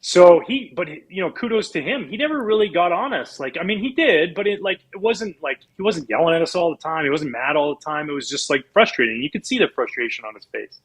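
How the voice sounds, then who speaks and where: A man from Canada, a former professional pitcher, telling animated, rambling stories as a guest in a casual interview. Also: fast, few pauses, slightly rough, rough recording. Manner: animated, rambling with restarts and laughs.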